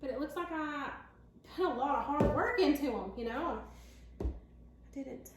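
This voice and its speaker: Folksy southern lady cooking at home, talks right to the camera, high-pitched, echoey kitchen. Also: lively intonation, moderate pace, very noisy. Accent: Southern American. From Tennessee. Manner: chatty and folksy, talks straight to viewers. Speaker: home cook. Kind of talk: casual cooking vlog.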